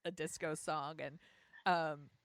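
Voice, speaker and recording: Lively woman co-host, lowish voice. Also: slow pace, no echo, studio quality. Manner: enthusiastic, animated retelling. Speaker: podcast co-host. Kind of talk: casual movie chat.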